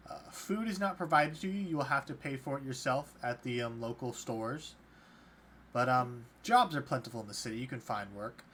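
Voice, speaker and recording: A courteous male prisoner serving as an official in a tabletop game, as a man plays him in an ordinary mid-pitched voice. He speaks haltingly, trips over his phrasing, and explains the rules in a patient, level way. A faint background hiss sits under the voice. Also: a bit bright, lightly acted. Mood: polite. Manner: halting, polite, stumbling over words.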